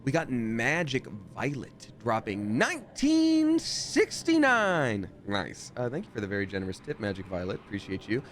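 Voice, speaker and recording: Young guy streaming a game and talking to chat, super animated voice, yelps when stuff goes wrong. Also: mid-range voice, normal speed, few pauses, a little hiss or hum. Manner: chatty, jumps to loud surprised outbursts. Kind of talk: live gameplay commentary and chat reading.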